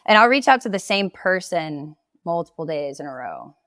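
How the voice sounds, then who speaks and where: Real estate agent, woman, low voice, conversational, dry close mic. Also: big pitch swings, moderate pace, fairly bright tone, no echo. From Oklahoma. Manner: conversational, explaining at length with laughs. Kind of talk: casual podcast interview.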